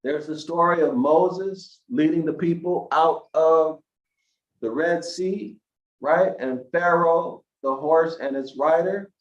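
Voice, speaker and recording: Lecturing an online audience, a slightly high-voiced man speaks slowly and with emphasis, lifting his voice into preachy questions for the listeners. An echoey room rings around the dull, lo-fi sound.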